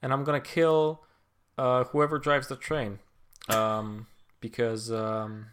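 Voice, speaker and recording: A man co-hosts a comedy podcast in relaxed, unscripted chat. He rambles through absurd questions and tangents, with a middling pitch. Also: slow pace, a little hiss or hum. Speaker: podcast co-host.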